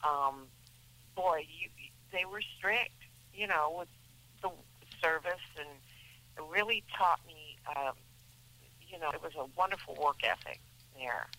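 A woman's voice: sits low, unhurried, long pauses, pushed and bright, rough recording. A middle-aged woman, an actress guest in a radio interview, talking in a chatty, rambling way with many restarts.

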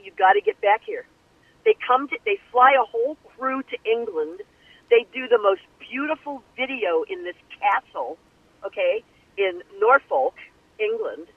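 An older woman telling her life story in an interview, animated and acting out the voices of the people she quotes. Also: fairly high pitch, no room sound. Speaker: guest singer. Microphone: telephone. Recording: tinny phone line.

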